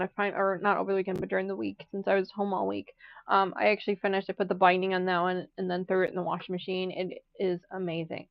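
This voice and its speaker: A woman's voice: mid-range voice, no room sound, highs cut off. A woman hosting a live quilting stream, chatting casually and rambling while she sews, laughing often. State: has the hiccups. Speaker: quilting channel host. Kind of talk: casual chat during a live sewing stream.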